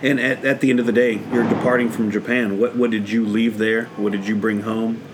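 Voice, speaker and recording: A man co-hosting a podcast, asking questions and backing up the guest with quick affirmations. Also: fairly low pitch, flat delivery, noisy background. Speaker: podcast co-host. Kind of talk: casual chat.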